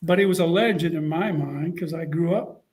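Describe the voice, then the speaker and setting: A man's voice: a little high, normal speed, a little hiss or hum. A middle-aged man, a college football coach telling a story in a casual interview and acting out what others said. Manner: animated storyteller, acts out quotes.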